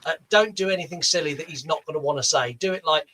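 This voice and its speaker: A man's voice: on the high side, quick pace, sharp tone, rough recording. A man with a Southern British accent co-hosting a podcast, teasing and playfully pushy in casual banter. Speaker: podcast co-host.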